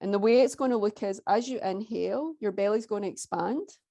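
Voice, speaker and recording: A woman presenting a workshop talk, chatty and often checking in with "right?", who turns soft and soothing when guiding a breathing exercise. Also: mid-range voice, fairly quick.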